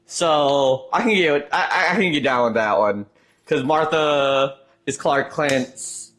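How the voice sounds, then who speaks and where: Slow-talking male streamer chatting. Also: mid-range voice, a bit bright. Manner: chatty, reads chat aloud, trails off and restarts. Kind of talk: casual live-stream chat.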